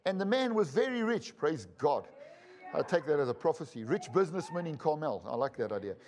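A man's voice: fairly high pitch, very animated, fairly quick, darkish tone. A man preaching to a congregation, reading scripture aloud and breaking off into joking asides. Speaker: pastor and Bible school teacher.

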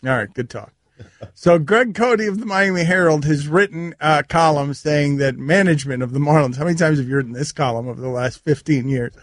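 A man's voice: a little high, fairly quick, no echo. A man hosting a sports radio show in a studio, bantering and teasing his co-hosts in a wry, rambling way. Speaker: host. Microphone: studio mic.

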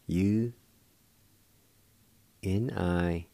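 A man's voice: deep voice, very slow, creaky, warm tone, no room sound. A man hosting a radio language lesson who patiently spells each word letter by letter and repeats every pronunciation. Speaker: radio host teaching vocabulary.

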